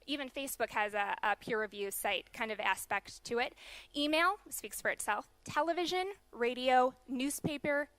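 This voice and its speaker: Young American woman, keynote speaker; bright, slightly high voice, brisk and explanatory. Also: no echo. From USA. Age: young adult. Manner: brisk explanatory delivery with fillers. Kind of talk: conference keynote presentation. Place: large conference hall.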